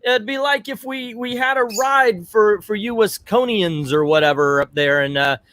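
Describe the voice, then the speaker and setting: A man's voice: high voice, moderate pace, a bit bright, no room sound. A middle-aged man hosting a casual livestream, chatty and digressive, turning aside to talk to his family. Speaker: livestream host.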